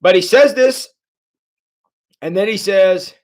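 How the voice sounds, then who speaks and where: Leading a laid-back livestream Bible study, this male pastor is talkative and lively, reacting to what viewers write while he narrates the story. He speaks slowly, with a high-sitting voice.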